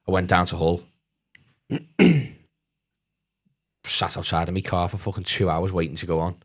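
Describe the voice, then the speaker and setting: Swearing storytelling comedian from Liverpool. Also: male voice, low-pitched, normal speed. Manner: animated, swears, acts out voices in anecdotes. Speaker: comedian guest. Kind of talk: casual storytelling chat.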